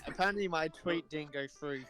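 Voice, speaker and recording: A man's voice: on the high side, brisk, sharp tone, clear, resonant tone, faint music behind. A man chiming in on a casual podcast with teasing interjections. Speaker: podcast co-host. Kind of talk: casual chat.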